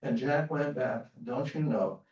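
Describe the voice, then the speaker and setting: A man telling a folktale live on a theater stage, lively and questioning the audience. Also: mid-range voice, unhurried, highs cut off. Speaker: storyteller. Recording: roomy theater sound from far off.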